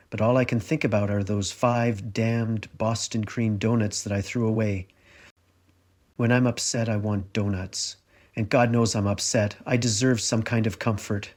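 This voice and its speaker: A man's voice: mid-range voice, a little mellow. A middle-aged man reading his own memoir aloud in a wry, confessional first-person telling. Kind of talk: audiobook narration.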